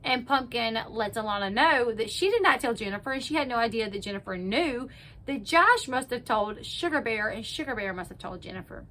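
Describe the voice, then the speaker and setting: A woman with a bright, slightly high voice tells a story in a loose, chatty way. She slips into quotes without changing much and fills gaps with "like" and "you know". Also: lively intonation, fairly quick. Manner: chatty, quoting people in her own voice, many fillers like "like" and "you know". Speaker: channel host recapping a reality show. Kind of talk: casual recap narration.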